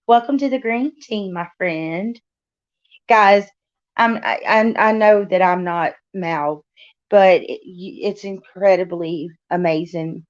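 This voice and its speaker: Excitable woman co-host on muffled audio. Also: medium pitch, a little slow. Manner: excitable, rambling, many restarts. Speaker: guest co-host. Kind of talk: casual livestream chat.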